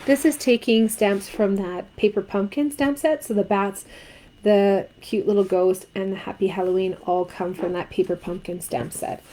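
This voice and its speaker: A woman's voice: mid-range voice, fairly even intonation, moderate pace, mellow, low-quality recording. Woman, card-making instructor, chatty, asks viewers questions, faint background noise. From Canada. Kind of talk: crafting tutorial.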